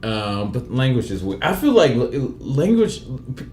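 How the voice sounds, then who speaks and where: A man's voice: mid-range voice, big pitch swings, a little slow, darkish tone, echoey room. A young man from New England, co-hosting a podcast, rambling and profane, with many fillers and restarts. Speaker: podcast co-host and comedian. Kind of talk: casual chat.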